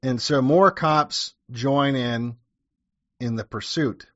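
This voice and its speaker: A man's voice: medium pitch, takes it slowly, a bit bright, no echo, dull audio. A man telling a story in a casual, crude and sarcastic way, adding wry asides as he goes. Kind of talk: casual true-crime storytelling.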